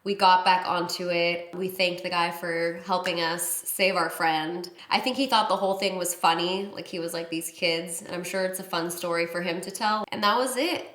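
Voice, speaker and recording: A woman vlogger telling a casual story to her viewers, chatty and expressive, with lots of "like". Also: fairly low pitch, normal speed, hardly any pauses. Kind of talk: casual story-time vlog. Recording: echoey room.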